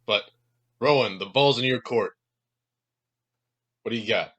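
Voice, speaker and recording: A man co-hosts a podcast in a relaxed, joking way. His voice sits at a middle pitch, and he keeps leaning on "like" as he talks. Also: a little slow, highs cut off. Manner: relaxed, joking, heavy use of "like". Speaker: podcast co-host. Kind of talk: casual chat.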